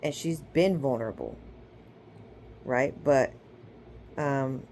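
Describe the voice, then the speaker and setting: A woman's voice: very deep voice, takes it slowly, a little mellow, a little hiss or hum. Chatty woman teaching scripture, casual. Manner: chatty, checks in with "okay?" and "right?"; retells scripture stories with acted-out quotes. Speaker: online spiritual teacher.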